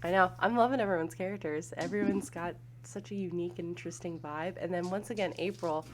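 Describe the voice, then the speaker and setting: A woman's voice: fairly low pitch, quick pace, noisy background. A woman game master wrapping up a stream, upbeat and casual, with lots of fillers and "y'all".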